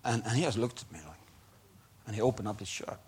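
A man preaching a sermon and telling a testimony, in non-native English phrasing, moving between quiet storytelling and loud emphatic preaching. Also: fairly low pitch, expressive, fast.

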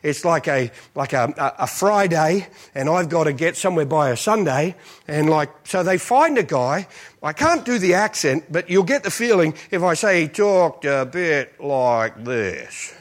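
A man's voice: fairly high pitch, moderate pace. A man, a visiting preacher telling funny stories in a sermon. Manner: animated, jokey storytelling. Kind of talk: storytelling sermon. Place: church.

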